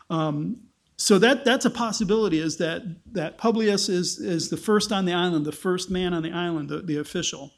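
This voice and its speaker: A man with a fairly high voice gives a relaxed teaching sermon. He explains step by step, with the odd "um" and restart along the way. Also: a little fast, vocal fry. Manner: informal, explaining, with fillers and restarts. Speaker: pastor.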